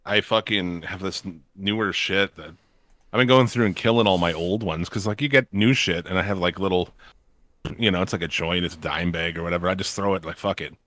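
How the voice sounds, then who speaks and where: A man's voice: low voice, fairly quick, a bit bright, no room sound. A man in his thirties co-hosting a casual wrestling podcast, laid-back and profane, laughing often. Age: 30s. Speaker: podcast co-host.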